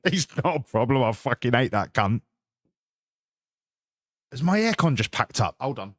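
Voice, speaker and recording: A man's voice: mid-range voice, sing-song, moderate pace, a bit bright, no echo. An English man live-streams a football management game, ribbing his viewers and swearing freely as he chats. His voice sits in a middle range. The sound is dry and close, with no room around it. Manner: swearing, banter with chat. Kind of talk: casual live-stream chat.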